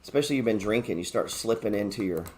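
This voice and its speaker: A man's voice: on the low side, expressive, fast, a little mellow. A man hosting a live stock market show, chatting casually, joking and swearing freely as he talks through his trades. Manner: reads viewer chat aloud.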